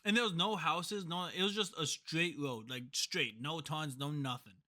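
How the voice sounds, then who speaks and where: A man's voice: on the high side, normal speed, bright, forceful tone. A man co-hosting a podcast, telling a story in casual chat, rambling and laughing often. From a reservation community. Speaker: podcast co-host.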